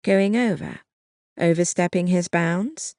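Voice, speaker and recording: A narrator voicing a calm, determined wartime nurse who talks to her patients in a gently persuasive, slightly raised voice. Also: mid-range voice, takes it slowly, no room sound, studio quality, voice pushed up. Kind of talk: audiobook narration.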